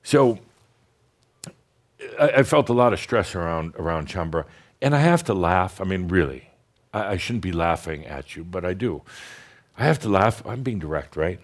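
A man giving a channeled spiritual talk to an audience, blunt and teasing, slowing down to guide deep breaths. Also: animated. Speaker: spiritual teacher channeling a master.

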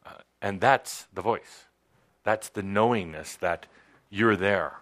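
A man teaching a spiritual workshop to a studio audience, talking in halting phrases with frequent pauses. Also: lowish voice, fairly bright tone. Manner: halting, hesitant with many pauses and fillers.

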